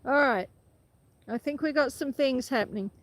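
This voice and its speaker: A woman's voice: sits high, moderate pace, poor audio. A woman hosting a casual livestream outdoors on a farm. She chats to viewers and answers their comments while walking, and her voice is cracking. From Australia. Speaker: livestream host. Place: outdoors on a windy rural farm paddock. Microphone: handheld phone. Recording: outdoor phone recording with loud wind noise.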